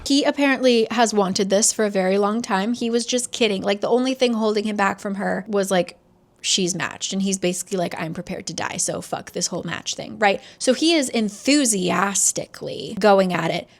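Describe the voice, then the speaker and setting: A woman talks through a book's plot in a loose, chatty way. She is dryly sarcastic and leans on fillers, slipping into quick mock voices whenever she quotes a character. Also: medium pitch. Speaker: book reviewer. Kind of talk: casual book recap.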